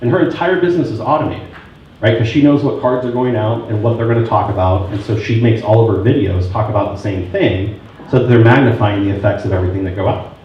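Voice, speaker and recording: A man's voice: fairly low pitch, fast. A man giving a talk at a real estate sales meeting, telling stories and acting out both sides of phone calls. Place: meeting room. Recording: very echoey room, distant, dull and muffled, faint noise.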